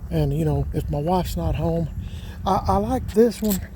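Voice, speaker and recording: A man's voice: fairly high pitch, unhurried. An older man, rambling in a folksy way with many fillers as he narrates his vlog outdoors among cars. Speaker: channel host. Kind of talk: casual vlog narration while moving cars. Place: outdoors in a yard, in and around cars. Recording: noisy outdoor recording with car sounds.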